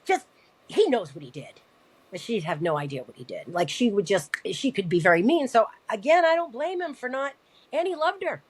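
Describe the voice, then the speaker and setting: A woman recounting a personal family story in a podcast interview, halting and repeating words as she talks, earnest and emotional. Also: on the high side, expressive, breathy edge, rough recording. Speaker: podcast guest.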